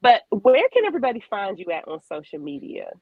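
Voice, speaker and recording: A woman's voice: on the high side, huge pitch swings, quick pace, dry recording, narrow, tinny audio. Laughing woman host, dry sound. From Maryland. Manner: warm, laughing, chatty. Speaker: radio show host. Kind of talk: casual interview chat.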